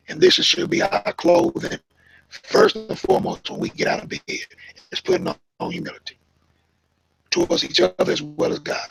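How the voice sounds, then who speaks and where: A man's voice: very high voice, vocal fry, fairly bright tone, rough recording. A man teaching a Bible study lesson, emphatic and preacherly, asking his listeners questions and sounding out of breath.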